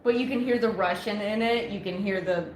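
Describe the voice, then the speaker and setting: A woman's voice: medium pitch, brisk, darkish tone. A woman co-hosting a casual podcast, chatty and teasing. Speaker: co-host. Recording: echoey room with faint background noise.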